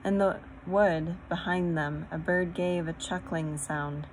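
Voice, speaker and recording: Female audiobook narrator, steady gentle storybook reading, slightly low voice. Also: slow, a little hiss or hum, rough recording. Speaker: audiobook reader.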